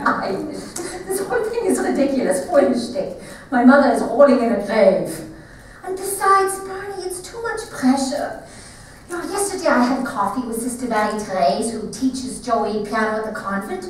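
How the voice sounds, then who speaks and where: A woman's voice: high voice, a little hiss or hum. A woman doing a fretful German-accented mother. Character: fretful German-Jewish mother, warm, stubborn. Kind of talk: one-woman stage show. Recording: echoey theater from far off.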